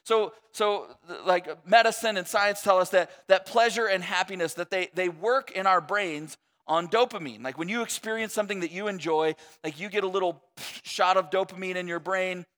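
High-voiced man preaching in a reverberant hall. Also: normal speed, hardly any pauses, a bit bright. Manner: conversational, self-deprecating, jokey asides. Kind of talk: sermon. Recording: long reverb of a large hall.

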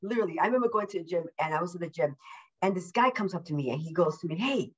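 Guesting on a podcast from home, a bubbly, emphatic woman doubles up her words in a fairly low, expressive voice with a breathy edge. She deliberately slows down from her usual rush during the casual interview chat. The remote call sounds slightly muffled and lo-fi.

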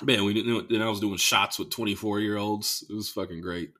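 A young man from the Bay Area hosts a podcast and tells stories in a loose, profane way. His voice is bright and forceful, and it jumps up sharply in pitch when he gets animated. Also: a little fast. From Bay Area, California. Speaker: podcast host. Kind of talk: casual storytelling monologue.

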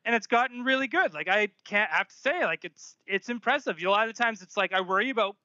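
A man's voice: high-pitched, expressive, fast talker, sharp tone, dry recording. A man co-hosting a live stream, chatting and joking with many fillers. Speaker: co-host. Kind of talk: casual live-stream chat. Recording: dull lo-fi sound.

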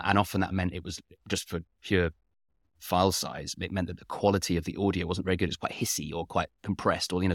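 Answering interview questions at length, a company founder methodically sets out his points in numbered order, leaning often on "uh" and "you know." His low, slightly bright voice comes through a dry, clean studio recording.

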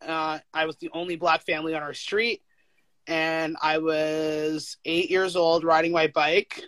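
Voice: mid-range voice, dry recording. Emphatic young adult, dry close sound. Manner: emphatic, animated, full of "like" fillers and quick laughs. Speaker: interviewee. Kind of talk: casual conversation.

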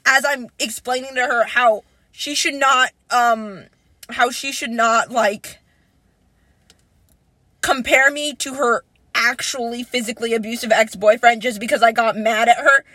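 A young woman in casual chat, telling a story with strong emotion, swearing freely and rising into near-crying shouts. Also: fairly high pitch, steady tone, measured pace, no echo, poor audio.

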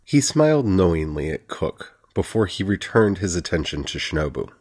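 A man narrates a fantasy novel as an audiobook. His voice sits low and sounds husky. He reads evenly and steadily. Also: very animated, moderate pace, a little mellow.

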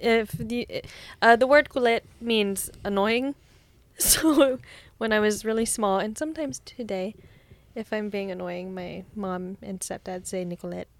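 A woman co-hosting a podcast in casual chat, excitable and quick to laugh and swear. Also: medium pitch. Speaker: podcast co-host.

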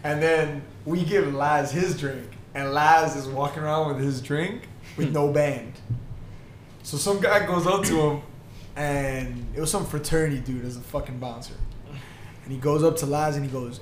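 A young man co-hosting a podcast, telling a story in a casual, animated way, full of swearing, acting out the people in it. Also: on the high side, moderate pace, reverberant, slight background noise. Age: young adult. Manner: animated, swearing, acts out bouncers. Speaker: podcast co-host.

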